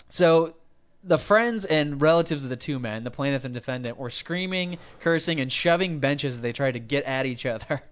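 A man with a smooth, resonant voice of ordinary pitch co-hosts a podcast. He reads out a news article in a casual way, stopping for jokey side comments. The audio is a bit dull and muffled. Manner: reads an article aloud with joking asides. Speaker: podcast co-host. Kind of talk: casual chat, retelling a news story.

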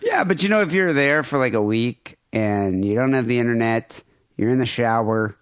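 A man's voice: medium pitch, lively intonation, moderate pace, clear, resonant tone, dry recording. A man hosting a comedy podcast, trading loose, crude banter and laughing often. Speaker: podcast host. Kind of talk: casual comedy podcast chat.

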